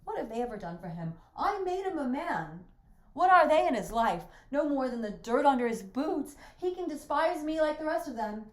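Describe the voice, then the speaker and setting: A woman's voice: mid-range voice, normal speed, a little mellow, natural voice. Woman reader voicing a proud, bitter young wife, defiant and hurt, for a read-through of a stage play. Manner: bitter and defiant, rising to anger. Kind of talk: reading a stage play aloud.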